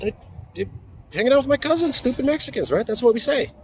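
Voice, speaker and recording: A man putting on a high, taunting voice as his ignorant teenage self. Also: sing-song, fast, exaggerated voice. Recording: outdoor traffic noise.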